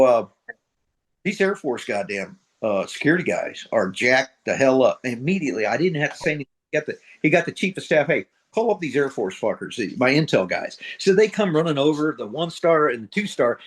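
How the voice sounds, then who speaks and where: A middle-aged man from middle America, a retired Marine sergeant major, tells his stories bluntly and with plenty of swearing. His voice sits a little high, and he acts out every exchange. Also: breathy edge. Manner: blunt, profane, acts out quoted dialogue. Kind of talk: casual storytelling interview.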